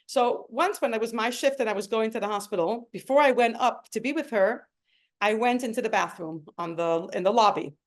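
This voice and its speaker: Middle-aged woman, slightly high voice, earnest personal testimony. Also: a little fast. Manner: earnest, emotional storytelling with acted quotes. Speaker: speaker sharing a personal story. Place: home.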